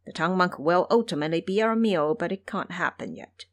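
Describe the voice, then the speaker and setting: A woman's voice: fairly low pitch, brisk, close to an everyday voice. A woman voicing a cunning young demon king. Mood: scheming. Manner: calm, calculating.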